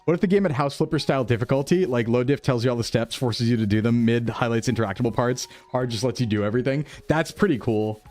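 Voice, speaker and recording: A man streaming a repair simulator, chatting casually and thinking aloud with excitable bursts. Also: medium pitch, fast, hardly any pauses, soft background music. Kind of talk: casual game commentary.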